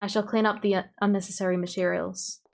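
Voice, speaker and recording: An Australian woman reading the lines of a cold, obsessive male doctor who makes dolls, in a calm, formal, softly menacing way. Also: medium pitch, fast talker, gravelly, close to an everyday voice.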